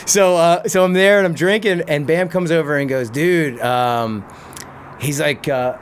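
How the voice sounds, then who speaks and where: A middle-aged man, a pro BMX rider and stuntman appearing as a podcast guest, tells a crude story in casual fashion. His voice sits on the high side and moves a little slowly, and he often laughs and restarts his sentences.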